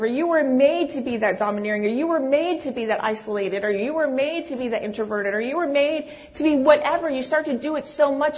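A middle-aged woman tells a story to a congregation, acting out her own lines with lively swings in voice. Her voice sits fairly high. The recording sounds dull and muffled. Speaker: pastor's wife speaking to a congregation. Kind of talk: storytelling talk, sermon-like.

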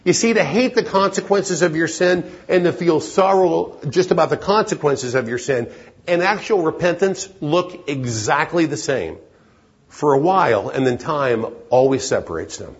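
A man's voice: fairly high pitch, lively intonation, moderate pace, dull audio. A man preaching a sermon in an earnest, emphatic way that climbs into urgent pleading.

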